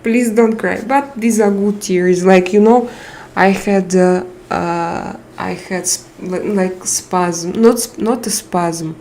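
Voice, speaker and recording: Woman live stream host, tired, unhurried speech, emotional thanks to chat. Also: medium pitch, fairly even intonation, slight background noise. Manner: warm, emotional, reads out chat names and thanks viewers. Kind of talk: casual live chat with viewers.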